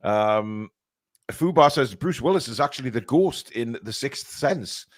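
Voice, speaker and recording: A man's voice: medium pitch, lively intonation, measured pace, no room sound, studio quality. A man from England hosting a live football fan stream, chatting casually with many fillers and reading out viewer comments.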